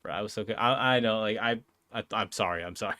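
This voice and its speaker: Young man, low voice, casual live-stream chat, rambling, lots of fillers and swearing, dry close sound. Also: quick pace, pushed and bright, no room sound. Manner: rambling, filler-heavy, swearing, laughing often. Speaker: streamer and podcast host.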